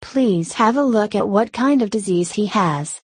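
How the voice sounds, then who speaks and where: A woman voicing an anxious female temple disciple who pleads for help in a rushed, non-stop way. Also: medium pitch, expressive, darkish tone, husky, dry recording.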